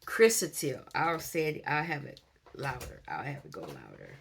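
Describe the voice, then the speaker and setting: A woman with a low voice and reads tarot cards in a relaxed, chatty way. She thinks aloud and slows down over the card text. Faint background noise sits under her voice. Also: vocal fry. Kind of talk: casual spoken tarot reading.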